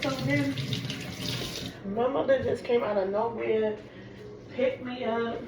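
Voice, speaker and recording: New woman, casual storytime vlogger, animated and chatty, roomy echo, noisy background. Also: on the high side, slow pace, long pauses. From Harlem, New York. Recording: echoey room with background noise.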